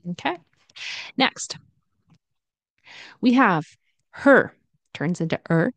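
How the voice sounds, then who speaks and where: A woman teaching English pronunciation, repeating example phrases slowly and then at natural speed. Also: medium pitch, lively intonation, no room sound.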